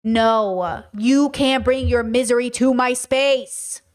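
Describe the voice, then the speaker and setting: A woman's voice: a little high, fairly even intonation, slow pace. A woman in her thirties hosting a podcast, talking bluntly and emphatically in a casual, unscripted monologue that swears freely and answers chat comments. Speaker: podcast host.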